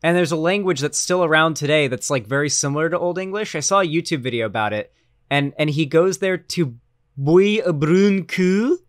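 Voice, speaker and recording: A man's voice: a little high, fast talker, fairly bright tone, no echo, studio quality. A man streaming a video reaction, rambling loosely and talking to his chat. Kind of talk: casual commentary chat.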